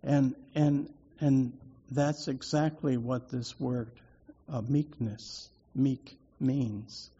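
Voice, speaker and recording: A man telling a personal story to draw out a lesson, in a halting way with many repeated words and restarts. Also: medium pitch, fairly even intonation, dark tone, husky. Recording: dull lo-fi recording.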